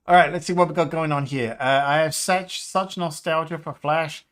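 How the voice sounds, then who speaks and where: A man in his fifties chatting casually on a live stream, rambling, nostalgic and quick to laugh. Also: on the high side, a bit bright. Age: 50s. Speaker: game developer livestreamer.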